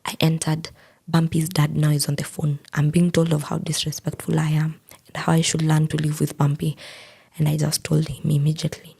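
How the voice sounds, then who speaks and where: She talks a little fast in a monotone, her voice sitting low with a gravelly, warm and slightly rough quality. The speaker is a young woman earnestly relating a painful story in an interview, quoting the words of others.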